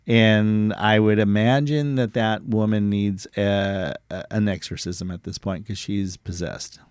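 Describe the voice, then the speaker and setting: A man's voice: on the low side, fairly even intonation, measured pace, clean tone, dry recording, studio quality. A man co-hosting a podcast, casually retelling true stories, joking and laughing, sometimes stumbling over words. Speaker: podcast co-host.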